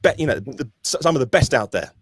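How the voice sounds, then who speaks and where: A man, co-hosting a podcast in casual chat, talking in an animated, emphatic way with frequent restarts. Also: mid-range voice, fast talker, breathy edge. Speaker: podcast co-host.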